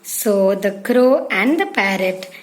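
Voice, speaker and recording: Teacher lady telling kids a story, slow and gentle, plain mid voice. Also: medium pitch, animated, a crowd in the background. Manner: gentle, clear, addressing children directly. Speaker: preschool teacher. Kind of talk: storytelling narration for young children.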